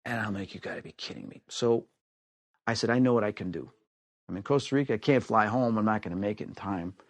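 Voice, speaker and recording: A man from the United States telling a personal story in an animated way, acting out the voices of the people in it. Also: fairly quick, no echo. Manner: acts out quoted voices with big pitch swings. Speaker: storyteller guest.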